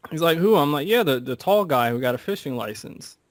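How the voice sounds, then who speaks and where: A man on a podcast telling stories in a casual, animated way, acting out quotes and swearing freely. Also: fairly high pitch, a little fast, dry recording. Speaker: podcast co-host. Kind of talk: casual chat.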